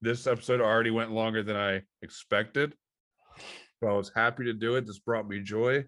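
Easygoing male podcast host, fairly low voice, dry close sound. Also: steady tone, normal speed, fairly bright tone, no room sound. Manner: easygoing, rambling with fillers. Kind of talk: casual chat.

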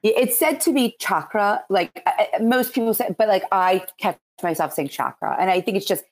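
A woman's voice: mid-range voice, lively intonation, brisk, darkish tone. A woman with a Philadelphia accent, a Reiki practitioner chatting as a podcast guest in loose, rambling explanations. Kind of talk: casual interview chat.

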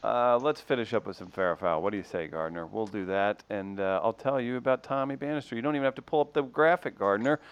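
A man's voice: fairly low pitch, smooth, highs cut off. A man hosting a podcast, chatting casually and reading a sponsor plug. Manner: halting, restarts, then breezy sponsor read. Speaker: podcast host.

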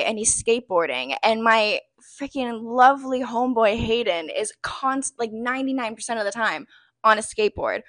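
Animated high-voiced young woman. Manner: animated storytelling, giggly, filler-heavy. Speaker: podcast co-host. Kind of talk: casual chat. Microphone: wearing a bald cap.

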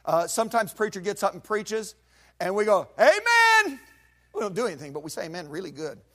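A male preacher delivers a lively sermon and acts out his Bible story with voices and sound effects. His voice sits high for a man. He speaks to a church congregation. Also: fast. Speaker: pastor.

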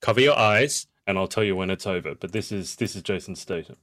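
A man's voice: sits low, brisk, fairly bright tone. Playful man hosting a podcast. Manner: playful, teasing. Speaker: podcast host. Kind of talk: casual podcast chat.

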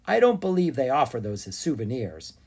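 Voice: mid-range voice, big pitch swings, a little mellow, husky. A reader voicing a dry-witted father. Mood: measured. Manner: measured, dry. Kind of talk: storybook read-aloud.

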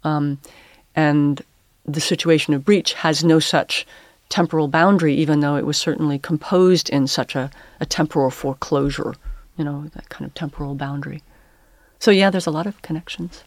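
A poet and English professor, appearing as a guest, speaks reflectively in an interview, pausing to hunt for words and using academic phrasing. Her voice is low with fairly even intonation, and there's no echo.

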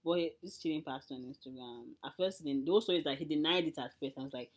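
Low-voiced young woman, wry and sarcastic. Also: quick pace. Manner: wry, sarcastic retelling of gossip. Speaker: podcast co-host. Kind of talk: casual chat, storytelling.

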